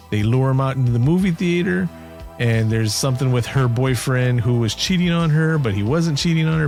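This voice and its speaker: A man's voice: medium pitch, darkish tone. Easygoing man recapping a movie. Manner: rambling storyteller, jokey asides. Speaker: podcast co-host. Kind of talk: casual movie recap chat.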